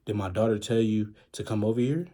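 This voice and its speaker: A young man voicing a stern, threatening middle-aged father who speaks bluntly and calmly, with a husky voice. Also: on the low side, a little fast, close to an everyday voice. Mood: menacing. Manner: calm, menacing, blunt.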